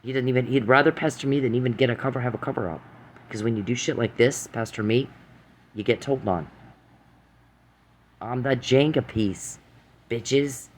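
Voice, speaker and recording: A man vents at the camera in a long, rambling rant, swearing freely and hurling accusations. He repeats phrases and trips over false starts, his voice at an ordinary, middling pitch with a faint hum of room noise behind him. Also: normal speed, long pauses. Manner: profane, accusing, repeats phrases, stammering restarts. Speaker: vlogger.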